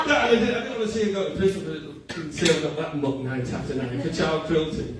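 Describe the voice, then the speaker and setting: A male comedian performing a stand-up set at a cafe comedy night, self-deprecating and often laughing at his own lines. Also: on the high side. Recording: echoey room, far mic, noisy.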